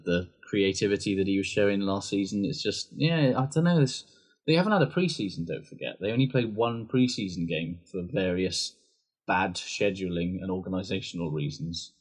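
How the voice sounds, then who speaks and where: A man talks rugby in loose, profane banter. His voice sits a little low and has a husky edge. He keeps it casual and animated. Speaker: podcast co-host. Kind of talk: casual chat.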